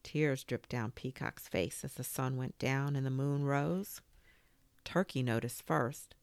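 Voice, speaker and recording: Slow, low-voiced woman reading a children's story. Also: clean tone, dry recording. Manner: gentle, expressive read-aloud. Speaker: storyteller and podcast host.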